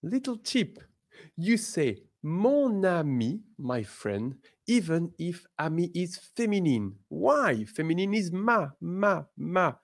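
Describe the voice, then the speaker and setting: A man teaching a beginner language lesson, leading repeat-after-me drills and praising often. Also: high voice. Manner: slow, expressive, encouraging drills. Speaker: French teacher.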